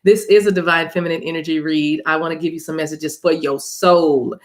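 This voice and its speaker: A woman's voice: sits low, steady tone, fairly quick. A woman hosting a spiritual reading livestream on her phone, chatting casually with viewers, laughing, and calling them y'all. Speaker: spiritual reader and channel host.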